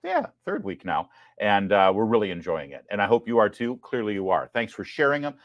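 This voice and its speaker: A man hosting a live online commentary show, talking in an animated, joking way. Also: on the low side, brisk, no room sound, lo-fi sound. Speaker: host.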